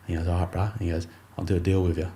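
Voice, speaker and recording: A man's voice: deep voice, little pitch movement, rapid-fire, dark tone, slight background noise. A young Australian man, a rugby league player, telling his story in a casual interview, rambling with many fillers and acting out his coach's words.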